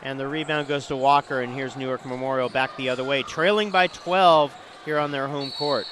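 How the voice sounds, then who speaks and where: A man calling live high school basketball play-by-play who gets louder on big plays. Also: brisk, slight background noise. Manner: rising excitement on big plays. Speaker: play-by-play announcer.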